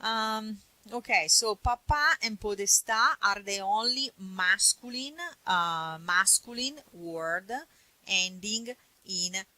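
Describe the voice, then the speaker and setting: A woman's voice: medium pitch, slow, pushed and bright, no echo, low-quality recording. A woman teacher with an Italian accent, a native Italian speaker, patiently explaining grammar and repeating words. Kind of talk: classroom grammar lesson.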